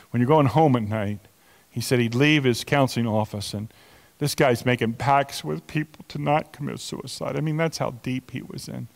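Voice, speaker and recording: A man in his sixties, a pastor preaching a sermon, animated and chatty, telling stories with many restarts and asides. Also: medium pitch, creaky, long reverb tail. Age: 60s.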